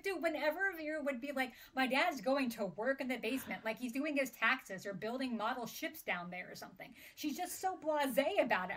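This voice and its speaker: A woman's voice: a little high, a little fast, few pauses, fairly bright tone. A woman co-hosting a book podcast, chatting casually and reacting expressively, with frequent exclamations and laughter. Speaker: podcast co-host.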